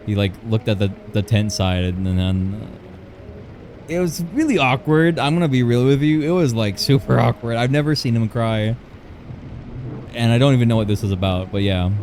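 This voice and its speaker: A young man with an ordinary middle-pitched voice chats through a personal story on a livestream. He rambles, restarts sentences and corrects himself mid-thought in a loose, casual way. A faint hum of background noise sits behind him. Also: lively intonation, normal speed, darkish tone.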